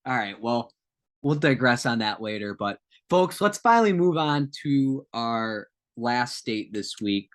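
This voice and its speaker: A man's voice: mid-range voice, very animated, unhurried. A man co-hosting a casual podcast, reading notes aloud with joking asides and tangents. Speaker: podcast co-host.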